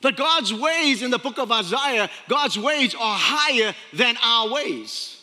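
A man preaching a sermon, retelling a story with animated voices for its characters. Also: very high voice, slow. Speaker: pastor. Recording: long hall reverb.

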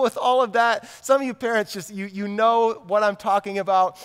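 A man's voice: very high voice, normal speed, a bit bright, clean tone. A male pastor in his thirties preaching a sermon in a conversational way, repeating key lines for emphasis. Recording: long hall reverb.

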